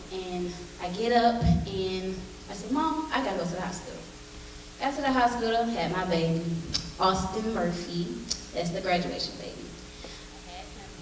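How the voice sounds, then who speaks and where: A woman's voice: mid-range voice, background noise. A woman, chatting directly with an audience as she tells a personal story at a school showcase. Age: 20s. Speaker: alumna speaker and singer. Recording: echoey hall, distant mic.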